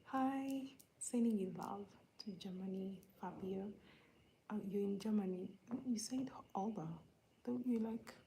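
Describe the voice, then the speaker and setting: A woman from Uganda hosting a live stream, greeting viewers one by one in a soft, laid-back, whispery way while feeling under the weather. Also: mid-range voice, unhurried, slight background noise, poor audio. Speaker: livestream host greeting viewers.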